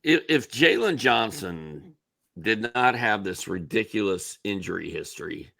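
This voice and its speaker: A man's voice: fairly low pitch, sing-song, a little slow, gravelly, sharp tone. A man co-hosting a sports podcast in a casual chat, thinking aloud and weighing both sides. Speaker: co-host.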